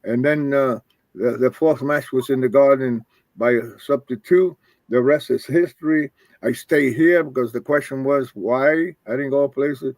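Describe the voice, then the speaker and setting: A man's voice: medium pitch, measured pace, darkish tone, no echo. Older man, rambling storyteller. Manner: rambling, acts out quoted dialogue. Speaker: guest, retired wrestler. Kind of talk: casual storytelling.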